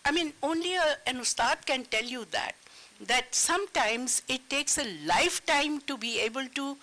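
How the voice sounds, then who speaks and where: Woman interviewer, bright tone, probing questions, festival panel. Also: high-pitched, normal speed, poor audio.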